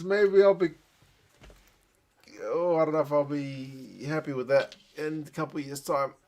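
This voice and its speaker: A man's voice: a little high, fairly even intonation, measured pace, darkish tone. A man giving live reaction commentary, thinking aloud with gasps and exclamations, tired late at night. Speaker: rugby channel host.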